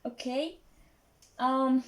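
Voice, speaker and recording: A woman whose first language is Spanish presents an English grammar lesson, halting and full of fillers and restarts. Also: high voice, fairly even intonation. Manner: slow, halting, many fillers and restarts, non-native phrasing.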